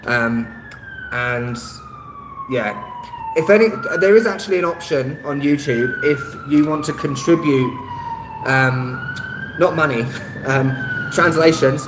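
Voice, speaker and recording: An Englishman with a voice on the high side hosts a casual live stream from an indoor room, reading viewer comments slowly and expressively with frequent pauses. He rambles, says "um" a lot, and laughs lightly between remarks, while the echoey room lets in faint street traffic.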